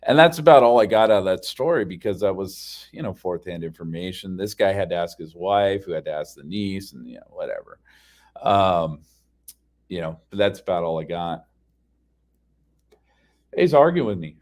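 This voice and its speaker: Man, lowish voice, casual storytelling rant, swears a lot, heated, lots of fillers. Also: lively intonation, normal speed, a little mellow. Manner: profane, heated, frequent fillers. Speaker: podcast ranter.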